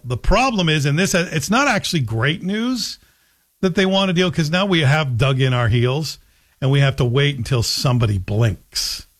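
A man runs a radio talk show, his voice sitting a little high. He talks in a wry, mocking monologue, spinning jokes and anecdotes into his points. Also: a bit bright. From Scotland. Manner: sardonic, joking, slips into a Scottish voice for anecdotes.

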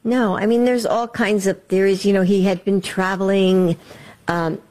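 A woman answering interview questions in a measured, hesitant way with frequent ums. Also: mid-range voice, fairly even intonation, darkish tone. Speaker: interview guest.

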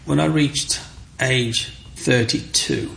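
A man's voice: medium pitch, slow, a little hiss or hum. A middle-aged man, telling his life story in an interview and acting out the people in it. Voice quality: gravelly. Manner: animated, acts out voices in his stories.

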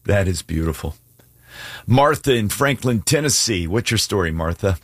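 Deep-voiced man hosting call-in radio. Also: animated, moderate pace, dry recording, studio quality. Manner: warm, encouraging, affirming callers. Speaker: radio host. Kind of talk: Christian radio call-in show.

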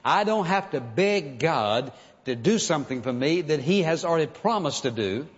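A man delivers a sermon in an earnest, emphatic manner, now and then acting out pleading prayers. His voice sits a little high. The sound is dull and carries a long hall reverb. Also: animated, moderate pace. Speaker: preacher.

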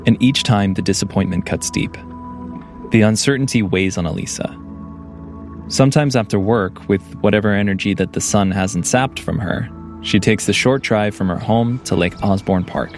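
A man narrating a documentary report as the reporter, in a measured, calm storytelling manner. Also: fairly low pitch, soft background music. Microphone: studio voice-over mic.

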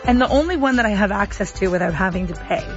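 A woman's voice: medium pitch, expressive, quick pace. Chatty female talk radio host, slightly dull sound, music underneath. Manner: chatty, self-deprecating. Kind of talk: casual radio chat.

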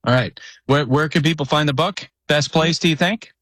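A man's voice: a little high, moderate pace, a bit bright, no echo. Chatty man hosting a sports talk show. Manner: conversational, frequent restarts, storytelling. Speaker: podcast host. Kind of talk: casual sports chat.

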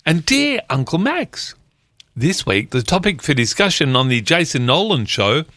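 A man's voice: fairly high pitch, pushed and bright, no echo, clean studio sound. A man hosting a casual community radio show, reading listener jokes and letters aloud in a joking way. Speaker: radio host.

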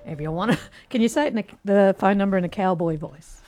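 A woman's voice: medium pitch, quick pace, a little mellow. A woman hosting a radio show, chatting and teasing with lots of laughter. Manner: giggly, teasing. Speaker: radio host. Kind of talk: casual radio banter.

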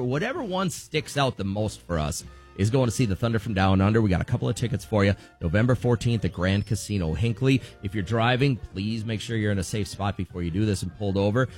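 A man co-hosting a morning radio show, explaining a contest with upbeat, repetitive instructions. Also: on the low side.

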